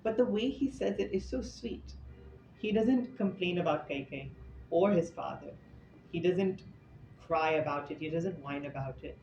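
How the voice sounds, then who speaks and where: Man, spiritual teacher, relaxed scripture talk, chatty storytelling, roomy echo, slightly muffled sound, faint noise. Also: on the high side, unhurried, creaky. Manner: conversational storytelling with casual asides. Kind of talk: informal scripture talk to a live group. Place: indoor talk room with an audience. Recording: echoey, slightly dull room recording with faint noise.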